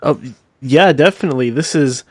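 A man's voice: fairly high pitch, moderate pace, breathy edge, no room sound. A man hosting a casual interview, answering with short, polite interjections.

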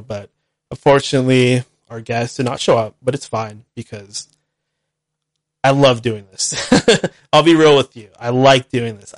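Man, radio host, blunt, ranting, repetitive, dry close mic, mid-pitched. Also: dry recording. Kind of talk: solo call-in show monologue.

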